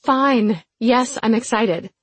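Brief: a woman playing a nosy, excitable young woman, higher and brighter than her narration, husky voice, dry sound. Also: takes it slowly, no room sound. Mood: excited teasing.

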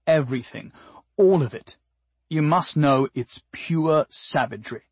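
A man's voice: fairly high pitch, unhurried, a little mellow, breathy edge, dry recording. A man voicing a flustered human man who stammers and answers awkwardly, in an audiobook. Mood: uneasy. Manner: hesitant, stammering. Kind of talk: audiobook character voice.

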